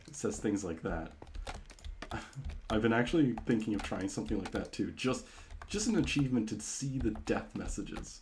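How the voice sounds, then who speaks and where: A man's voice: lowish voice, unhurried, background noise. A man streaming live, chatting casually with viewers while he plays, rambling and often breaking into laughter.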